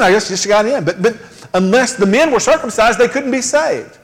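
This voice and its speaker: Man, pastor, sermon, conversational, emphatic, raised pitch, reverberant church hall. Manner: conversational, emphatic preaching with asides.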